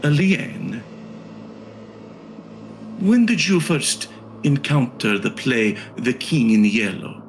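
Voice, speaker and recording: A man voicing an unsettling male noble doctor in a put-on accent, soft and sighing. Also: mid-range voice, sing-song, moderate pace, slight background noise. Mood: courtly.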